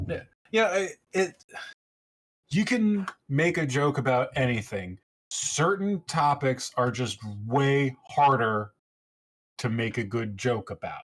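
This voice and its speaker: A man's voice: mid-range voice, animated, slow, fairly bright tone. A man co-hosting a casual podcast chat, explaining at length in a matter-of-fact way. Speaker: podcast co-host.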